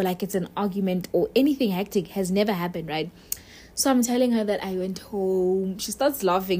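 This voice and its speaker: A young woman talking candidly to camera in a relaxed vlog. Her pitch sits in a middle range, neither high nor low. She speaks directly to her listeners as she tells a personal story. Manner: chatty, candid, addresses viewer directly. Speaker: vlogger.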